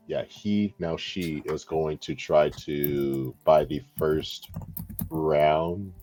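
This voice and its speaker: A man's voice: rumbling low, warm tone. A man chatting and joking as a player at a tabletop game, describing his character's moves. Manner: laughing, self-mocking banter. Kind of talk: casual game chat.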